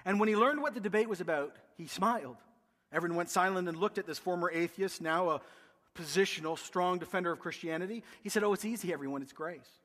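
A man preaches to his congregation, his voice sitting high as he stacks phrases into emphatic rhythmic lists. He breaks off for quick asides before driving on. The sound trails off in the long reverb of a large hall. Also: a bit bright. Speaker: pastor. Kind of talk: sermon.

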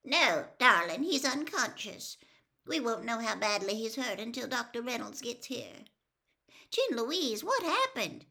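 A woman voicing a flustered older aunt who talks in high, breathless, urgent pleas. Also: sing-song, a little slow, gravelly, sharp tone, full character voice. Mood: anxious. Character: anxious, flustered older aunt, fussing and frantic.

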